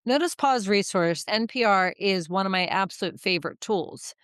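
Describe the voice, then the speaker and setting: Smooth-voiced woman podcast host. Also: mid-range voice, expressive, normal speed, fairly bright tone, no echo, clean studio sound. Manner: emphatic, affirming, frank. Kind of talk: podcast conversation.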